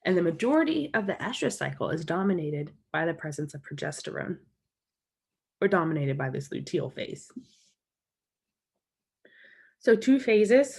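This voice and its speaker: A woman's voice: lowish voice, creaky. Woman giving a recorded college lecture. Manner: explanatory, steady, recapping key points. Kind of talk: recorded lecture walking through slides.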